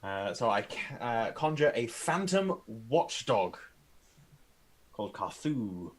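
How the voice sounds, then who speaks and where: A young man playing a tabletop game, calmly reading out spell rules in a measured way. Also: medium pitch, rough recording. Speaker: player. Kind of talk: casual tabletop game play.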